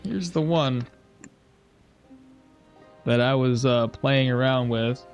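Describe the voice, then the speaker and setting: A man's voice: mid-range voice, slow pace, soft background music. A man giving casual gameplay commentary, thinking aloud as he plays and laughing at chat messages. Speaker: gameplay streamer.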